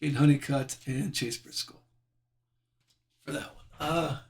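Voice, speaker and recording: A man's voice: on the high side, fairly even intonation, unhurried, vocal fry. A man hosting a live sports card break, chatty and self-deprecating as he reads out each card he pulls.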